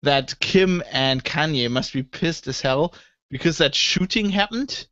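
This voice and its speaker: Joking man in quick casual chat. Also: a little high, expressive, bright, forceful tone, dry recording, muffled recording. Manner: quick, joking, trails off mid-sentence. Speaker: podcast co-host.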